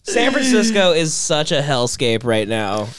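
A man's voice: fairly high pitch, very animated, a little slow, fairly bright tone. A man hosting a comedy podcast, riffing crudely and laughing often. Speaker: podcast host. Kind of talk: casual comedy chat.

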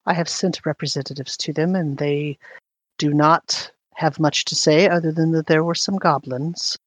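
Game master playing a proud island queen, guarded and curt, who answers questions with questions. The voice sits in a middle pitch. It is recorded very dry and close. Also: fairly even intonation, moderate pace, no room sound, natural voice. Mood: haughty, guarded. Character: haughty evasive woman ruler of an island city.

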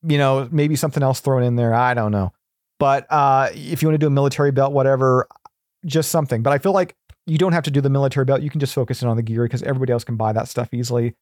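A man's voice: mid-range voice, steady tone, fast talker, darkish tone, dry recording, clean studio sound. A man chatting casually as a podcast guest, rambling with many fillers and restarts. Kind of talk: casual chat.

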